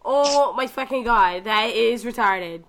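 A woman with a Boston accent co-hosting a casual podcast, brash and quick to swear and laugh. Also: a little high, a bit bright, slight background noise. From Massachusetts. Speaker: podcast co-host. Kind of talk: casual chat.

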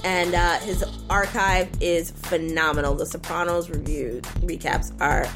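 A woman's voice: on the low side, steady tone, a little slow, over music. A woman co-hosting a podcast, reading out upbeat, chatty plugs at the end of a show, sometimes singing a word. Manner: upbeat, chatty, sings some words. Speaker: podcast co-host. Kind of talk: casual show outro with plugs.

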